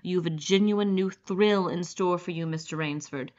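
Smug, polished aristocratic general who hunts men, read by a woman, low-pitched and condescending, muffled lo-fi sound. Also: normal speed, darkish tone, close to an everyday voice. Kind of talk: audiobook character reading.

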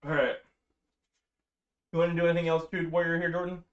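A man's voice: a little high, level tone, fast talker. A man running a tabletop game as dungeon master, casual and rambling with lots of fillers. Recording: dull lo-fi recording.

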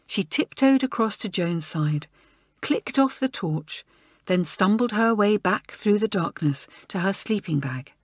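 A woman reads a children's story aloud with a lively, widely varied pitch. Her voice is slightly husky, and the recording is close and dry. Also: unhurried, dry recording. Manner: expressive storytelling. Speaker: audiobook narrator. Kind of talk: scripted narration.

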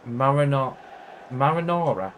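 A young man giving casual, sweary commentary over a football video game, bantering with someone beside him and shouting at big moments. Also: mid-range voice, animated, unhurried, a little hiss or hum. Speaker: gaming YouTuber.

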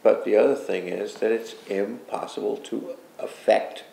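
Older male guest, low gravelly voice, earnest rambling storyteller, echoey room. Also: steady tone, a little slow, warm tone. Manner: earnest, rambling recollection with repeated pleas and asides. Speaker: interview guest. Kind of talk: personal storytelling in an interview. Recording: roomy echo with faint background noise.

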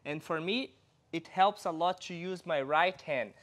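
A man's voice: a little high, unhurried, a bit bright. A man from Brazil, a dance teacher explaining moves step by step while demonstrating. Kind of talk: instructional dance lesson.

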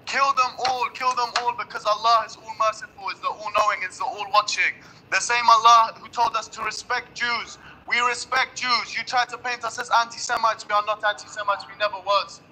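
A man's voice: high voice, steady tone, a little fast, pushed and bright, soft background music, poor audio. A man calling into a live stream, ranting and repeating phrases in a heated argument over call audio. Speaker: caller.

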